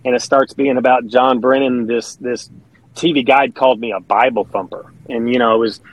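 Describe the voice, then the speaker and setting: The recording is rough though free of echo, carrying the medium-pitched, fairly evenly intoned voice of a middle-aged man at normal speed. A country singer and pastor from Kentucky, USA, he tells stories as an interview guest, earnest and chatty.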